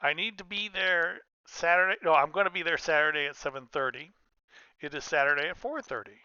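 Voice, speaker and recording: A man's voice: fairly high pitch, fairly quick, sharp tone, clear, resonant tone, no room sound, highs cut off. A man giving casual commentary while playing a trucking game, rambling and cutting himself off with restarts. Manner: rambling, self-interrupting, chatty. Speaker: gaming streamer.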